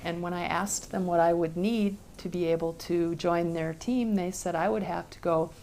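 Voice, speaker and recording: A woman's voice: lowish voice, fairly even intonation, moderate pace, a little mellow, slight background noise. A woman nursing student in a documentary interview, talking candidly and reflectively, with casual asides.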